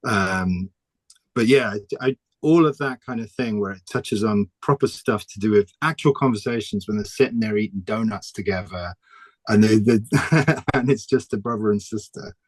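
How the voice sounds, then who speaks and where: A man, a comic artist talking casually in an interview, chatty and quick to laugh. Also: fairly low pitch, dry recording. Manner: chatty, laughs often, restarts sentences.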